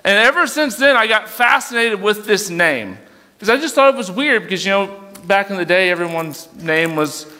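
A man's voice: high-pitched, lively intonation, moderate pace, sharp tone, in a large hall. A young man preaching a sermon as youth pastor, casual and conversational, with fillers and self-corrections. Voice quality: dyslexic, struggles reading aloud.

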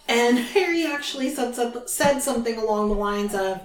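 A woman hosting a podcast, casually retelling a book chapter in chatty, animated fashion. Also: a little high, normal speed. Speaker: podcast host. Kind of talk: casual book recap chat. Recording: roomy, distant from mic.

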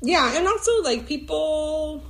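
A woman guest on a podcast, talking things through in casual conversation. She thinks aloud, pausing on fillers and restarting her sentences as she goes. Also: high-pitched, expressive, low-quality recording. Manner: thoughtful, hesitant, many fillers and restarts, laughs easily. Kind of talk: casual chat.

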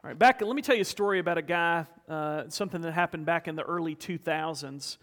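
Pastor, male, fairly high voice, earnest storytelling sermon in an echoing sanctuary. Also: quick pace, a bit bright. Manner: storytelling, earnest, rhetorical questions. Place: church sanctuary.

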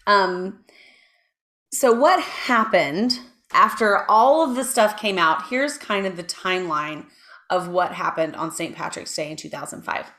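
A woman's voice: on the low side, a little slow, sharp tone. A woman co-hosting a podcast, casually telling a true crime story with lots of asides. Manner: chatty, lots of ums and asides, reads from notes. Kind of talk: casual chat.

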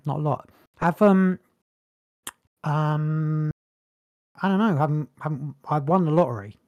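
Guy cohosting a podcast, goofy and jokey, kinda high voice, dry sound. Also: a little slow, a little mellow, dry recording, dull audio. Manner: jokey, breaks into silly singing. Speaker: podcast co-host. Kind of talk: casual chat.

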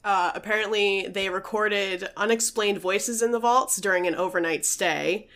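A woman's voice: mid-range voice, moderate pace, fairly bright tone. A woman co-hosting a podcast, casually telling a ghost story with lots of fillers. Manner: chatty, uses many fillers, reads out quotes. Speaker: podcast co-host.

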